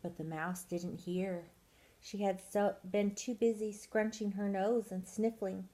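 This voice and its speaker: A woman reading a children's picture book aloud at storytime, expressive and drawing out soft words. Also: medium pitch, unhurried, a little hiss or hum, low-quality recording. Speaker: storytime reader.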